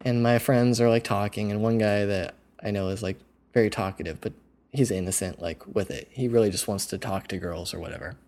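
A man's voice: on the low side, steady tone, a little fast, a little mellow. A young man hosting a podcast, telling a casual, rambling story full of "like" and "you know.". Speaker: podcast host.

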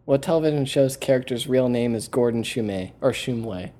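A man's voice: mid-range voice, steady tone, fast, warm tone. A man hosting a casual podcast. He rambles and rants, swears freely, and keeps the talk loose. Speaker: podcast host. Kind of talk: casual chat.

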